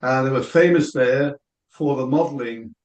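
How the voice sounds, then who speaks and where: A man in casual chat, sharing a piece of news in a halting way, full of pauses and fillers. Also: mid-range voice, darkish tone. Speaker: guest on a chat call. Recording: echoey room.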